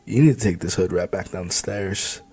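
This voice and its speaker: A man's voice: low-pitched, normal speed, a little mellow, slightly rough. A man voicing a dismissive, whiny female bartender in an audiobook. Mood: sneering. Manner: sneering, whiny. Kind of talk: audiobook dialogue.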